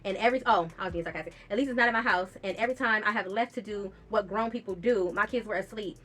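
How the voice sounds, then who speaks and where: A woman's voice: medium pitch, quick pace, fairly bright tone, soft background music. A young woman, telling a personal story in a casual storytime vlog, blunt and profane, reading out text messages with bursts of laughter.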